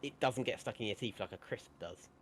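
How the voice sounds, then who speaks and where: A man's voice: lowish voice, fairly quick, a little hiss or hum. A man doing casual, teasing live commentary and banter on a sim race. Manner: playful, teasing, jokey.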